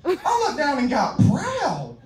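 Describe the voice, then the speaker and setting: A young man with a Southern accent does a crude, self-mocking stand-up set and laughs at his own jokes. His voice sits high and jumps around a lot. It was caught from the audience in an echoey club, far from the recorder. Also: huge pitch swings, measured pace. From Louisiana. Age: young adult. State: out of breath. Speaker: stand-up comedian. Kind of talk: open-mic stand-up set. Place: comedy club stage.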